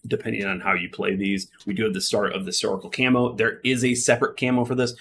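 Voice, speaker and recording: Chatty Midwestern man, low voice. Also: fast talker, a little hiss or hum. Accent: Midwestern American. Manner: relaxed, chatty, lots of uh fillers. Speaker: streamer. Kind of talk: casual game stream chat.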